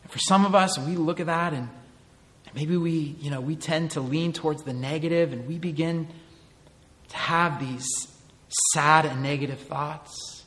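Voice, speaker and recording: A man's voice: a little high, steady tone, moderate pace, fairly bright tone, long reverb tail. A man in his thirties, a pastor giving an earnest, conversational sermon full of rhetorical questions.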